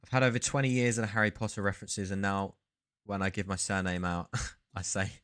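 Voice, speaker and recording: A man with a low voice hosts a casual sports card live stream, speaking fairly quickly with flat delivery and a fairly bright tone. He chats loosely, breaking off mid-sentence to ramble through stories.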